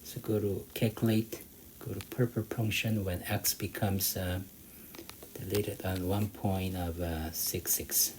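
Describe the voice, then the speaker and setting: Slow, halting man tutoring math. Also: low-pitched, fairly even intonation. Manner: halting, many fillers, thinks aloud while using a calculator. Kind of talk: walking through an exam problem. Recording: faint background noise.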